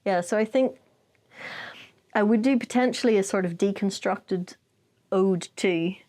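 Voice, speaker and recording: A woman with an Irish accent, co-hosting a podcast in casual chat, giggly and expressive. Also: mid-range voice, unhurried. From Ireland. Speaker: podcast co-host.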